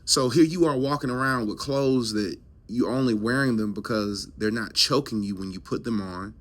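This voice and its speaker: A health coach hosting a health show gives an emphatic, preachy motivational monologue to camera, packed with rhetorical questions and repetition. His mid-range voice is a bit bright and moves at a normal speed.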